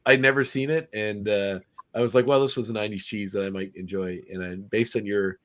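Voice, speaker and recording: A man's voice: fairly low pitch, fairly even intonation, fairly quick, fairly bright tone. A man co-hosting a podcast over a video call, joking and chatting with frequent restarts. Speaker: podcast co-host.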